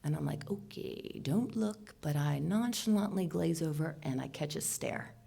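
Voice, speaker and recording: A woman telling a personal story live to an audience, animated, moving between hushed asides and loud outbursts. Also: deep voice, moderate pace, gravelly, slightly rough. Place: stage before an audience.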